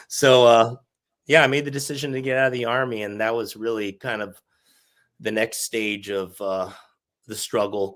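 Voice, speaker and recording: A man's voice: on the low side, a bit bright. Frank, cursing veteran man telling his story. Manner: frank and profane, laughs through hard stories. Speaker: podcast guest, army veteran. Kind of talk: candid interview storytelling.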